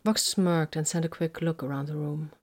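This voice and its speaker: A woman narrating a science fiction audiobook in an even, measured reading. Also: low voice.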